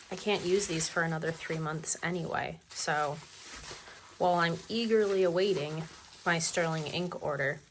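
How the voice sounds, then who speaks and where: Woman unboxing planners, slow chatty talk, bit of hiss behind. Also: on the low side. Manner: chatty, enthusiastic about stationery. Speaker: planner vlogger. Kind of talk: casual unboxing vlog.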